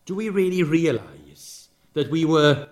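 Male preacher, slightly higher voice, dramatic sermon delivery that moves from loud emphasis to hushed, drawn-out lines. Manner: expressive, swings from loud emphatic exclamations to soft, drawn-out near-whispers; acts out the characters' quoted lines in the parable.

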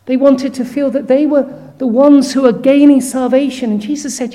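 A woman preaching a sermon in an earnest, measured way, stopping to read scripture verses aloud. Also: high-pitched, steady tone, dark tone.

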